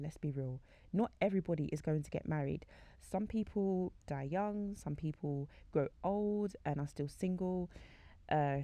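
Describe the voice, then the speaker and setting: Deep and dark-toned, a young woman's voice carries a casual faith-based talk on a dry recording. She chats freely with frequent "like" fillers, voicing the people in the conversations she recounts.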